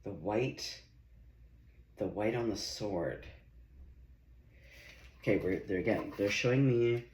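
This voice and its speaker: A man's voice: on the low side, takes it slowly. A man giving a casual tarot reading at home, chatty and talking to himself, swearing and laughing as he goes, recorded on a phone in his kitchen. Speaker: tarot reader. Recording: echoey room with loud background noise.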